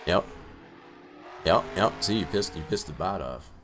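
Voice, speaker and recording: A man commenting on his own sim-racing session in a live stream, with excitable outbursts and rambling asides. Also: deep voice, unhurried, noisy background.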